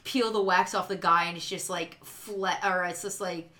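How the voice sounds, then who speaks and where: A woman's voice: lowish voice, steady tone, moderate pace, pushed and bright. A woman in casual, rambling conversation who often acts out quoted lines. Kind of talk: casual chat.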